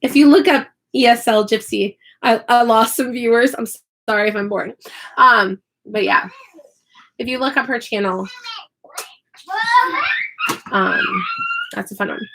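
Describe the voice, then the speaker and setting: A woman chats on a live stream as she works on a craft project. She is chatty, apologizes often and pokes fun at herself. Her voice sits a little high and sounds bright and forceful. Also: measured pace, long pauses. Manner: chatty, apologetic, self-deprecating. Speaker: online English teacher and YouTuber.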